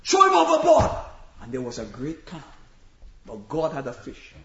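A man preaching a sermon, telling the story dramatically and shouting at times for emphasis. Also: on the high side, normal speed, vocal fry, echoey room, lo-fi sound, a crowd in the background. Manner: animated storytelling, acting out voices and shouting for emphasis.

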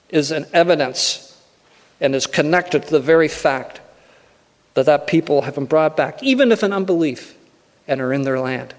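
A man preaching a sermon, earnest and repeating his key phrases for emphasis. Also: on the high side. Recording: long hall reverb.

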